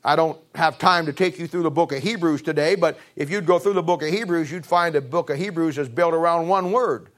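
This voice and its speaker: A man preaching a sermon with emphatic, repeated phrases, swinging from raised peaks to low drops. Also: fairly quick, hardly any pauses, fairly bright tone. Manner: emphatic, rising to high-pitched emphasis and dropping low.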